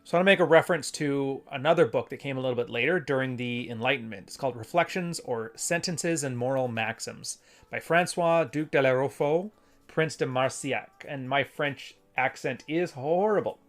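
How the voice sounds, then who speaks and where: A man's voice: mid-range voice, fairly quick, a bit bright, faint music behind. Casual rambling male stream host. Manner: rambling, conversational, self-correcting. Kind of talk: casual live-stream commentary and reading.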